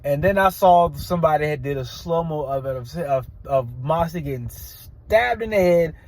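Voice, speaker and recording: A man's voice: on the high side, lively intonation, moderate pace, darkish tone. A man giving a casual, blunt and rambling review of a wrestling show, often restarting his sentences.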